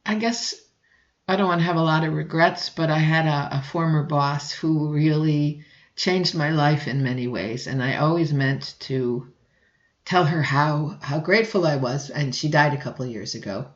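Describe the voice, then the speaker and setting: Throat-clearing woman lecturer, muffled. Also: low voice, normal speed, echoey room. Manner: clears throat often, restarts sentences. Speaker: college instructor. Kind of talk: recorded lecture.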